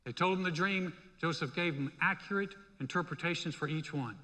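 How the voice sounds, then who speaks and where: A male pastor preaching a sermon in a church, in a lively, conversational way. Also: on the high side, a little fast. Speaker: senior pastor. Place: church sanctuary. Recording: long reverb in a hall.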